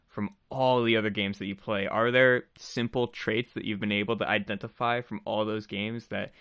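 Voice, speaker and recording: A man hosting a casual podcast chat, animated and laughing often as he rambles through his questions. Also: lowish voice, moderate pace, smooth, no room sound, studio quality. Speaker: podcast host and game developer.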